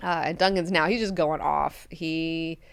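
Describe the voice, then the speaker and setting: A woman hosting a book club, recapping chapters in a chatty, animated way with frequent filler words. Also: low voice, unhurried, vocal fry, smooth, dry recording.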